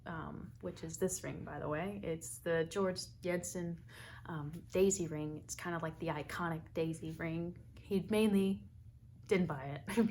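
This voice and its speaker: A young American woman, talkative and quick to laugh, telling a personal story in a vlog. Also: fairly low pitch, darkish tone, a little hiss or hum. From United States. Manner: chatty and talkative, laughs often. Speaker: vlogger.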